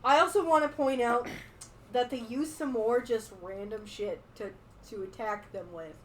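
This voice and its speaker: A woman's voice: a little high, slight background noise. A woman co-hosting a casual movie review podcast, chatty and amused. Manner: chatty, amused, quick to laugh. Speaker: podcast co-host.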